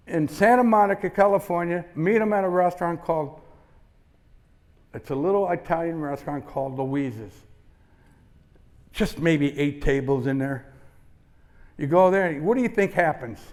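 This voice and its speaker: An older man from Indiana giving a motivational keynote, telling a story in punchy bursts that drop to hushed asides and jump to loud outbursts. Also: on the high side. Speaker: motivational speaker. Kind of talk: keynote speech. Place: conference stage before a live audience.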